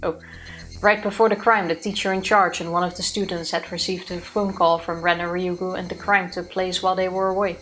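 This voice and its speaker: A woman's voice: lowish voice, level tone, brisk, fairly bright tone, soft background music. A woman co-hosting a let's play, reading a visual novel aloud with dry, joking asides.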